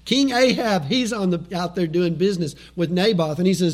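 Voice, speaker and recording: A man preaching a sermon as pastor, animated, acting out quoted voices and chuckling as he goes. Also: high voice, a little fast, few pauses.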